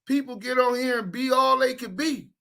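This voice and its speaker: A man's voice: extremely high pitch, moderate pace, gravelly, pushed and bright. A man co-hosting a podcast in casual chat, blunt and confrontational with a lot of street slang. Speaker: podcast co-host.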